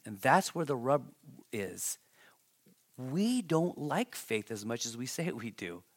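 A man preaching a sermon as a pastor, conversational and then emphatic, with animated asides to the congregation. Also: medium pitch, slow.

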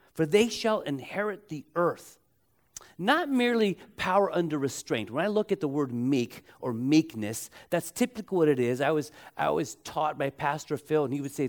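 Slightly high-voiced male pastor preaching. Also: a little mellow. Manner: emphatic, repeats phrases for effect, stretches key words; leads the congregation in call-and-response. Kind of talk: sermon.

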